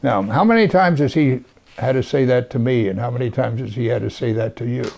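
Gravelly-voiced man preaching a sermon. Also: mid-range voice, brisk, slight background noise. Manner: reads scripture then comments, drops to soft near-whispers for emphasis.

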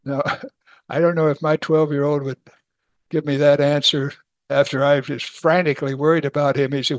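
A man's voice: mid-range voice, flat delivery, normal speed, gravelly, no room sound. A middle-aged man teaching a Bible passage in a folksy, conversational way, chuckling and acting out the people in the story. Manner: folksy, chuckles, acts out voices.

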